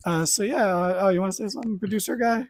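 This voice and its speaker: A man hosting a podcast, giving a lively play-by-play recap in casual chat, with offhand asides and the odd swear. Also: high-pitched, fast talker. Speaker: podcast host.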